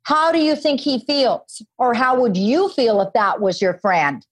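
Woman, fairly high voice, podcast guest explaining parenting with earnest, animated examples. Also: measured pace. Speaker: guest author and parenting expert. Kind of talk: podcast interview.

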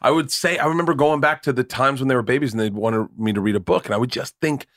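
A man's voice: mid-range voice, fast, fairly bright tone, dry recording, studio quality. A man in his forties, a comedian guest, telling rambling stories with stammered restarts and swearing. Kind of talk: casual podcast storytelling.

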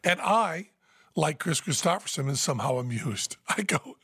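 A man telling a story in casual podcast chat, animated and breaking into high laughter. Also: moderate pace, gravelly, breathy edge, no echo, clean studio sound. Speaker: podcast host. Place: Las Vegas.

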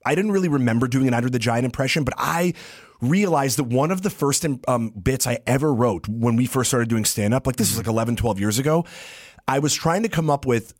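A man co-hosting a comedy podcast, rambling through stories with jokes and quick asides. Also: mid-range voice. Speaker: podcast co-host. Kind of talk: casual comedic chat.

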